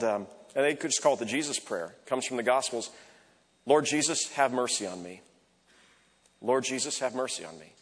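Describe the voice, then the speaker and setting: A man preaching a sermon as pastor, conversational, softly repeating short prayer phrases. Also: fairly high pitch, breathy edge. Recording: echoey hall reverb.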